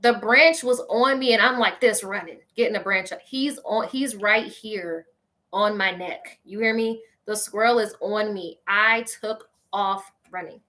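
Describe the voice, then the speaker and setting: A woman hosting a show, telling a funny personal story in an animated, exclaiming way, talking straight to her listeners. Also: mid-range voice, measured pace. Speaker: host.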